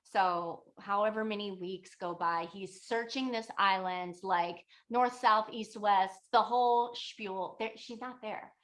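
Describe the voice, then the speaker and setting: A woman's voice: mid-range voice, unhurried, hardly any pauses, fairly bright tone. A woman, a yoga and meditation teacher, casually retelling a legend in a chatty, filler-heavy way. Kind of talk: casual spoken storytelling.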